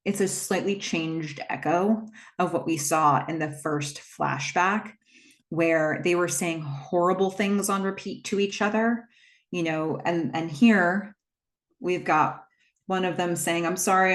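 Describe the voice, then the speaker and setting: Low-voiced woman recapping a movie. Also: slow pace. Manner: retells scenes step by step with fillers. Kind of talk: casual plot recap.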